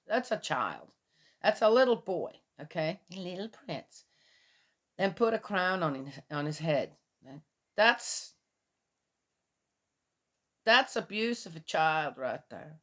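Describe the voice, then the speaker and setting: A woman's voice: low-pitched, very animated, slow, pauses often. Skeptical chatty woman reading scripture. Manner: skeptical, chatty, asks rhetorical questions. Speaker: Bible reader and commentator. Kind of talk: casual reading with commentary.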